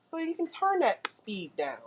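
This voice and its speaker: A woman teaching a nail class, lively and full of questions to her students. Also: very high-pitched, measured pace, slight background noise. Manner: lively, asks the class questions, uses car comparisons. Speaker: nail instructor. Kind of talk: classroom lecture.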